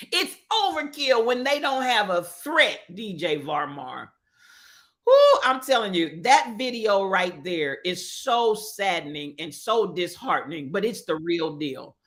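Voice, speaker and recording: A woman's voice: medium pitch, very animated, slow, fairly bright tone. A middle-aged woman hosting a livestream, greeting viewers by name and talking about the news in an emphatic, preachy way. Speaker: livestream host. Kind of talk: live-stream chat and commentary.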